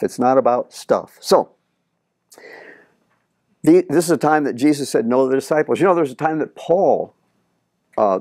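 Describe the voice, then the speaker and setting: A middle-aged male pastor preaching a sermon in an animated way, acting out the prayers he quotes. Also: mid-range voice, no echo, studio quality.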